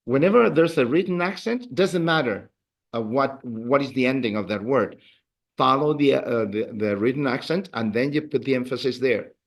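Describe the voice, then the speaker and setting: At a moderate pace and medium pitch, a Spanish teacher walks beginners through the rules. He animatedly leads drills, counting students in and praising their efforts.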